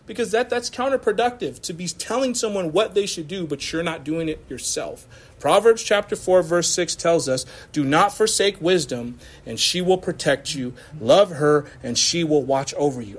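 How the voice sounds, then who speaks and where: A man with a high voice preaching from the pulpit in an American church. He talks loosely and with energy, mixing slang and quick laughs into the message. His pitch swings up and down as he drives his points home. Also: lively intonation, breathy edge. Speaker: pastor. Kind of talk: sermon.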